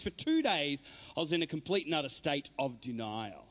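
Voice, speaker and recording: High, animated man giving a dramatic talk. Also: normal speed. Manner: dramatic storytelling, swinging from hushed to loud. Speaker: motivational speaker. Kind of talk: inspirational faith talk.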